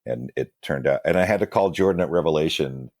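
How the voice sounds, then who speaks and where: A man's voice: a bass voice, a little fast, darkish tone, no echo, clean studio sound. A man, a guest musician, telling rambling, self-deprecating stories in a casual interview, with lots of fillers and restarts. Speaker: guest musician, band singer.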